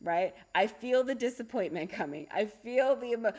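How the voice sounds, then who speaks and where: A middle-aged woman, a holistic doctor, talking casually on a livestream, chatty and animated, often asking "right?" and laughing. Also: fairly high pitch, normal speed, few pauses. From United States. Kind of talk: casual livestream talk with storytelling.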